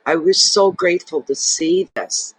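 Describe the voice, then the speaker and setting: A tarot reader and channel host from Saint John, New Brunswick, Canada, talks to the camera in a casual personal monologue that is emotional, rambling, and heartfelt. His husky voice sits high and moves a little slowly, on a dry, low-quality recording.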